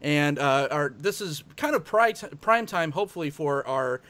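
A man hosting a casual card-game show, joking and halting with fillers and restarts. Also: a little high, very animated, fairly bright tone. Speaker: podcast host.

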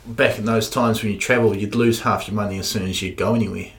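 A man hosting a casual chat, relaxed and asking short prompting questions. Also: fairly low pitch, fast talker, a little hiss or hum. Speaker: podcast host.

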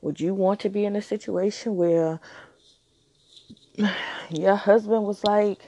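A woman's voice: mid-range voice, unhurried, pauses often, mellow, slight background noise. A woman hosting a relationship advice podcast, talking frankly and teasingly in a casual monologue.

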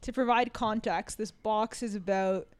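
A woman's voice: medium pitch, steady tone, a little slow, smooth. A playful, joking woman guest in a casual podcast chat.

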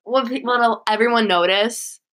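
A teenage girl co-hosting a podcast, telling stories in an animated way and laughing often. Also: fairly high pitch, normal speed. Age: teens. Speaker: podcast co-host. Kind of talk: casual chat.

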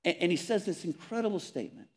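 A man preaching a sermon, earnest and emphatic, repeating words and dropping softly on key phrases. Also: high-pitched, animated, quick pace. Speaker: pastor.

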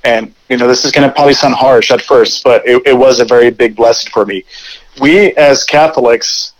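A man's voice: medium pitch, a little fast, low-quality recording. A male podcast guest and former seminarian, talking frankly and earnestly in casual conversation, with a lot of "you know".

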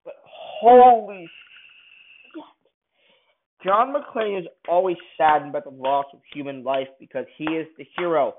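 A man angrily ranting through a movie review, swearing often and bursting out loudly now and then. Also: a little high, normal speed, hardly any pauses. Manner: angry, profane ranting with sudden loud outbursts. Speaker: film reviewer. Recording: tinny phone-like sound.

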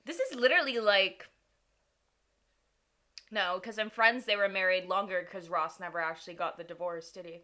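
A woman co-hosting a casual podcast with a bright, ringing voice. She rambles and giggles, often laughing at herself. She talks into a microphone she shares with her co-host. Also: lowish voice, level tone, brisk, hardly any pauses. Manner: giggly, rambling and self-deprecating. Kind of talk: casual chat. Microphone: sharing one microphone.

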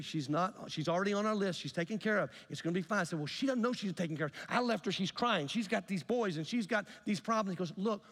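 A middle-aged man preaching a sermon as pastor, telling a story, acting out the dialogue and swinging from loud to soft. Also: on the high side, big-room sound. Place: church sanctuary.

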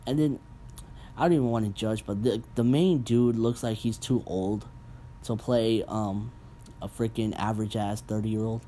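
A young man hosting a casual podcast, ranting bluntly and profanely with animated asides. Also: lowish voice, normal speed, slight background noise. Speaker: podcast host. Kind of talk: casual rant.

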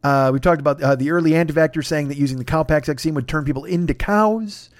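A man hosting a podcast, plugging a sponsor in a crude, profane, self-mocking ramble that swings between loud bursts and muttered asides. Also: fairly high pitch, fast talker, few pauses, dry recording, studio quality. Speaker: podcast host.

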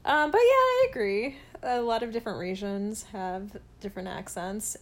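A woman's voice: medium pitch, normal speed. Young woman, casual co-host, easy laugh, from Georgia, no twang. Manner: chatty, laughs easily, animated rises. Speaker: podcast co-host. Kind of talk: casual chat.

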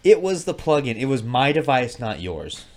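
Guy on a podcast mic, deadpan crude jokes, voice swings way up and down, lots of swearing. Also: medium pitch, normal speed. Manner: deadpan, profane, laughs often. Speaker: podcast co-host. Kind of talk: casual crude banter. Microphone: studio microphone with headphones.

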